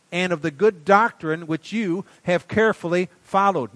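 A man preaching a sermon in a folksy way, swinging from quiet asides to loud emphatic bursts. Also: sits high, normal speed, few pauses, dry recording. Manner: folksy, calls listeners buddy and darling. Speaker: pastor.

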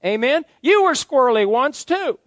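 Folksy, high-voiced male pastor preaching. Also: very animated, moderate pace, fairly bright tone, no room sound. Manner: folksy, joking asides to the congregation. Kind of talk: sermon.

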